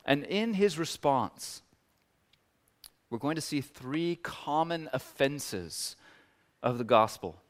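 A man preaching a sermon in a relaxed, conversational way, acting out the words of biblical figures as he goes. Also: on the high side, takes it slowly, pauses often. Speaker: pastor.

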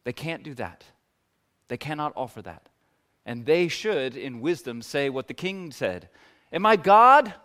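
Male pastor, casual conversational sermon delivery, animated when voicing scripture figures. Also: unhurried. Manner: conversational, acts out biblical figures' words with rising pitch.

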